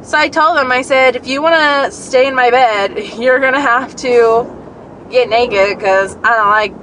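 A young woman vlogging from her car, telling a rambling, profane story in a casual, animated way. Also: a little high, a little hiss or hum, poor audio. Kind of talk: casual storytelling while driving. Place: car on city streets.

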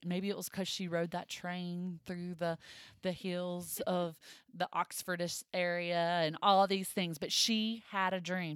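A woman co-hosting a casual chat, telling a story with lively swings and high put-on voices. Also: no echo, studio quality. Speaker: podcast co-host.

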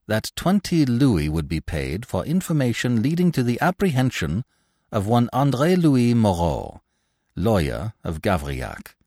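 Deep-voiced man narrating a classic novel. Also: darkish tone, dry recording, studio quality.

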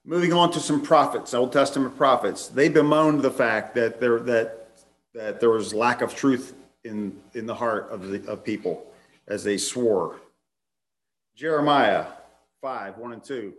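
A man's voice: medium pitch, measured pace. A man preaching a sermon, laying out numbered points and reading scripture passages aloud, sometimes restarting his phrases.

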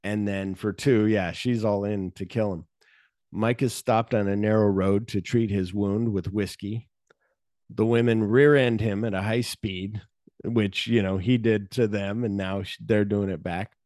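A man's voice: on the low side, measured pace, dry recording, studio quality. A man hosting a casual movie podcast, retelling scenes with swearing and acting out the characters' lines. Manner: animated storytelling, swears freely, acts out characters' lines. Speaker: podcast host.

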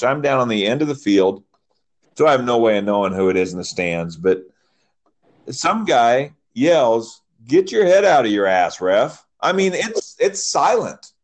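Man telling ref stories. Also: medium pitch. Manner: animated storytelling, mimics yelling fans. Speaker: podcast co-host, soccer referee. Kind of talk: casual chat.

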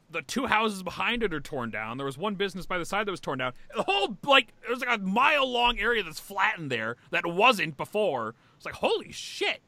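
A man hosting a podcast in casual chat, animated and swearing, with big swings in pitch. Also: dry recording. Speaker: podcast host.

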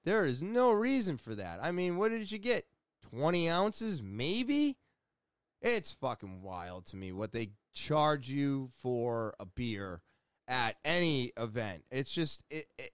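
A man's voice: on the high side, clear, resonant tone, no echo, studio quality. A young adult man telling a story in a casual, rambling way, exasperated and swearing freely. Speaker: vlogger recounting a comedy show.

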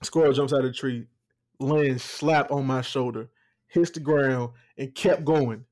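Casting: young man, mid-pitched, easygoing joking storyteller. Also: fairly even intonation, unhurried, a little mellow. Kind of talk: casual storytelling chat.

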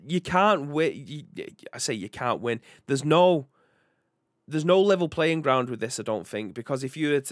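A man's voice: mid-range voice, fairly bright tone, no echo, studio quality. A British man hosting a casual video game podcast, chatting in a rambling way and reading out viewer comments. He has a young son. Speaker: podcast host. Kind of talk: casual live-stream chat.

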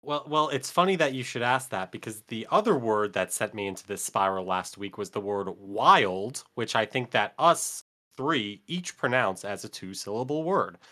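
Male podcast co-host with a bright voice, deadpan and mock-formal. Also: lowish voice, normal speed, few pauses. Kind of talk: casual chat.

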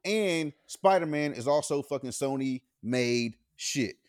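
A man's voice: mid-range voice, animated, a little slow, no echo, clean studio sound. A man co-hosting a podcast, speaking bluntly with lots of profanity in casual chat. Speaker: podcast co-host.

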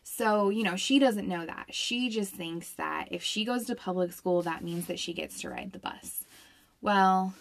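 Chatty homeschooling mom thinking aloud. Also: female voice, fairly low pitch. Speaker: homeschooling mother. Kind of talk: casual vlog talk.

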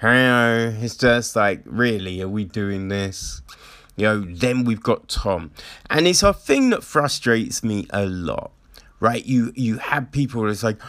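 A man's voice: medium pitch, animated, takes it slowly, a bit bright. A man giving a casual, frank film review, indignant and swearing, with many restarts and fillers.

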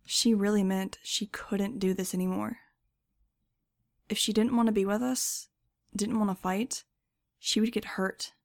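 Gravelly-voiced woman narrating an audiobook. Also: mid-range voice, fairly even intonation, measured pace, long pauses. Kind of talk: first-person audiobook narration.

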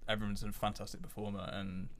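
A man's voice: lowish voice, little pitch movement, fast. A young man, a sketch comedy writer, chatting casually in an interview, rambling with lots of fillers.

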